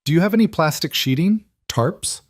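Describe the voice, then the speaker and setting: A man voicing a calm single father who talks in a reassuring, practical way. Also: a little high, moderate pace, dry recording, studio quality, pitched above the performer's own voice. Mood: urgent.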